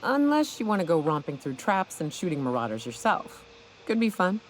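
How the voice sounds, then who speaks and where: A woman's voice: lowish voice, sing-song, moderate pace, a little hiss or hum, rough recording. A woman voicing a tough, teasing female gun-for-hire companion in a video game. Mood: wry. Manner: laid-back, teasing. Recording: faint game sound under voice.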